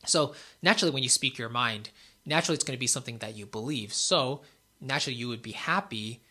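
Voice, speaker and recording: A young YouTuber and musician offers casual speaking advice in a relaxed talking-head style, full of fillers and frequent "right?" checks. His husky, mid-range voice moves at a fast clip.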